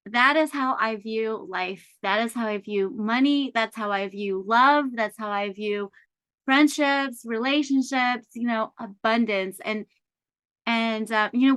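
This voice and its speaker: A woman's voice: fairly high pitch, bright, forceful tone, no room sound. A woman co-hosting a podcast who chats in a reflective, encouraging way and uses a lot of fillers. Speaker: podcast co-host. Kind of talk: casual podcast chat.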